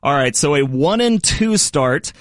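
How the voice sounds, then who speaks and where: A man's voice: on the high side, animated, measured pace, dry recording. A man hosting a sports show segment in a playful, upbeat way. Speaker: host.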